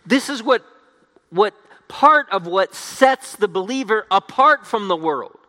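Male pastor, sermon delivery, emphatic repetition; sharp, bright tone with long hall reverb. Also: sits high, lively intonation, a little slow. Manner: emphatic, restating each point in repeated phrases. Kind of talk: expository sermon.

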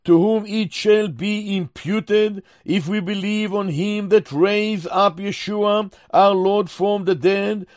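A man preaching a Bible sermon, teaching slowly and with emphasis, often addressing his listeners as beloved brothers and sisters. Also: sits high, dry recording, studio quality.

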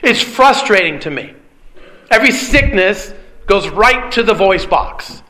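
A man preaching an earnest sermon with a hoarse, strained voice, often clearing his throat and asking rhetorical questions. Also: high-pitched, expressive, unhurried, pushed and bright. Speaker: pastor. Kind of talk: expository sermon.

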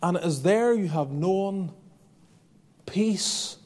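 A man's voice: sits high, lively intonation, measured pace, a little mellow, long reverb tail. A man preaching a sermon as pastor, earnest and conversational, often restarting his phrases. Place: church.

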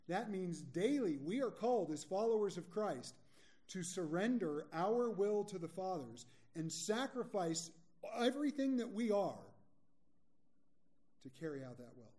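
A man preaching a sermon as pastor, candid and joking, and slowing down to stress his key points. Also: high-pitched, warm tone. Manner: candid, joking, slows for emphasis. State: a little sleepy.

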